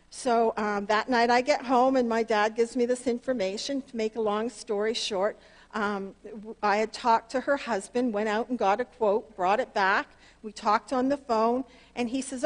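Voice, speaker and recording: A woman pastor, preaching earnestly through a personal story, her voice leaping up on key words. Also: normal speed. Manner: earnest and animated, pitch leaps up on emphasis. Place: church sanctuary.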